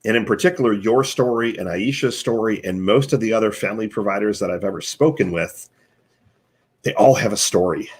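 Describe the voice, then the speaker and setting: A man with a somewhat low, husky voice walks a guest through his advice one numbered point at a time. He hosts a live online chat and sounds earnest and coaching rather than scripted. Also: brisk, darkish tone. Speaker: host and marketing consultant.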